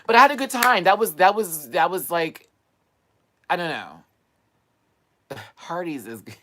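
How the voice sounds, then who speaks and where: Sassy, animated man chatting on a livestream. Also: high-pitched, measured pace, long pauses. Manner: animated, sassy storytelling with playful slang. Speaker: livestream host. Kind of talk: casual livestream chat and storytelling. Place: at home, live stream.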